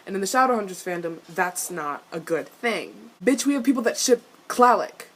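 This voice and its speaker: A woman reacting to a TV episode in casual, excitable rants, swearing often and turning exasperated. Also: medium pitch, moderate pace. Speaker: video reviewer.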